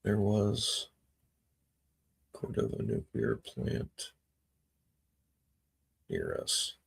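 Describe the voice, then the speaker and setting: Gravelly, slow-talking laid-back man. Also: fairly low pitch, wildly swooping pitch. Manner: laid-back, wry, chuckles often. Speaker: livestream host reading chat. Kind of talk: casual chat.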